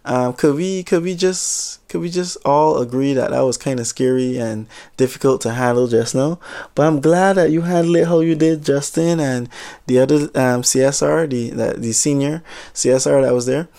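A man voicing a flustered female supervisor who speaks hesitantly and reassures gently. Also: mid-range voice, normal speed, gravelly, natural voice. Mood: soothing.

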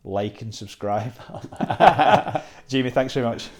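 A man hosting a podcast, closing the conversation in a relaxed, casual way. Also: mid-range voice, takes it slowly. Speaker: podcast host.

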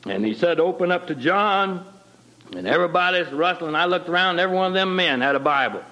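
A man's voice: high voice, expressive, fast, sharp tone, poor audio. A middle-aged man telling his personal conversion story in a folksy, plain-spoken way with homespun grammar. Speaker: guest telling his testimony.

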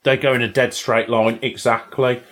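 A young man co-hosts a casual podcast. He talks in a loose, bantering way, tossing in tag questions as he teases his co-host. His voice sits at an ordinary middle pitch. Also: level tone, normal speed, fairly bright tone. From Britain. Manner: teasing, chatty, asks tag questions.

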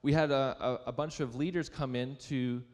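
Man, young adult, pastor, sermon, conversational, self-deprecating, mid pitch, reverberant church hall. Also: fairly even intonation, normal speed, a little mellow. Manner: conversational, self-deprecating storytelling with audience questions. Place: church sanctuary.

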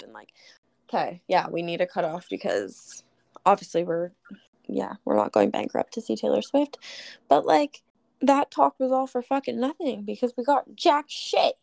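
Gravelly young woman ranting. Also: on the high side, moderate pace, no room sound, studio quality. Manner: swears freely, ranting, animated retelling. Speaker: podcast co-host. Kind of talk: casual chat.

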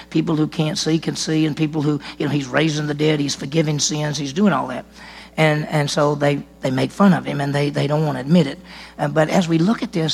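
A man's voice: on the high side, gravelly, husky. A man preaching a sermon as senior pastor, telling a personal story in a conversational way and acting out the dialogue. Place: church sanctuary.

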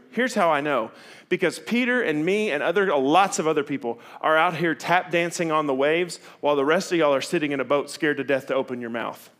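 Candid man preaching, fairly high voice. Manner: candid and conversational, swinging from loud to hushed. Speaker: pastor. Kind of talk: sermon.

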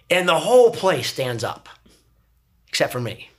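Middle-aged male guest, earnest and animated, casual storytelling, mid-range voice. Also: mid-range voice, fairly quick. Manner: earnest, animated, repeats words when starting sentences. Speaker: podcast guest.

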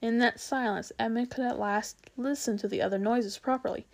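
Woman reading a kids' book aloud, kinda high voice with lots of fry, easygoing, trips on words sometimes. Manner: unhurried, expressive reading with small slips. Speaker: storyteller. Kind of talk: reading a children's novel aloud.

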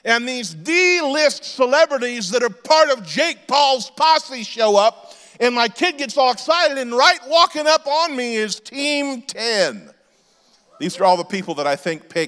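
Animated man preaching in a reverberant hall. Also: very high-pitched, clear, resonant tone. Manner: animated storyteller, shouting punchlines. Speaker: pastor. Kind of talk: sermon with comic stories. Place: church auditorium.

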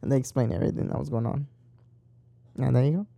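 A man's voice: mid-range voice, quick pace, vocal fry, dark tone, dry recording. A young man chatting casually, rambling and swearing freely as he tells stories. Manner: rambling, profane and talkative. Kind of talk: casual chat.

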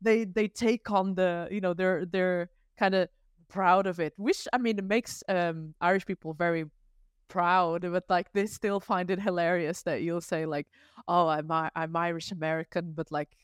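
A woman's voice: on the low side, measured pace, clear, resonant tone, dry recording, clean studio sound. A woman talking as a guest on a podcast, chatty and rambling, laughing easily. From not Canadian, living abroad. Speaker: guest artist. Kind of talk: casual podcast conversation.

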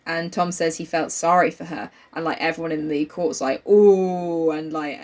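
A woman's voice: deep voice, fairly even intonation, moderate pace. A young woman co-hosting a casual book chat, reading passages aloud, laughing often and swearing casually. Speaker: co-host reading a novel aloud.

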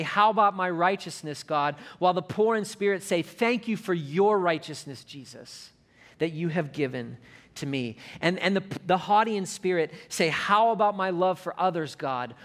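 Man, pastor, sermon, high voice, slow soft scripture readings, building intensity.

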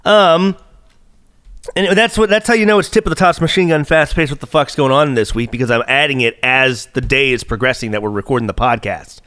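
A man's voice: medium pitch, brisk, a bit bright, no room sound, clean studio sound. A man hosting a casual podcast, rambling and swearing, full of fillers and restarts. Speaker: podcast host. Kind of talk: casual bickering podcast banter.

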